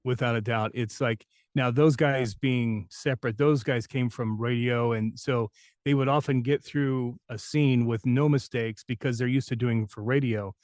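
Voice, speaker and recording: A man's voice: medium pitch, steady tone, normal speed, a little mellow, dry recording, clean studio sound. A man who works as a voice actor, telling long anecdotes in an interview with many fillers and restarts. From New Mexico. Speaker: voice actor guest. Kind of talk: interview storytelling.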